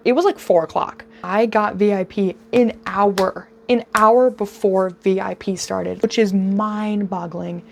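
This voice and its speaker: A young woman in her twenties tells a vlog story in an excitable, gushing rush. Her voice sits at an everyday middle pitch. A faint hiss of background noise runs under her words. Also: a little slow, gravelly, few pauses. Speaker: vlogger.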